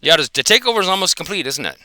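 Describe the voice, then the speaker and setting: A man's voice: on the high side, very animated, rapid-fire, pushed and bright. A man giving an angry, profane reaction commentary, confronting another dog trainer.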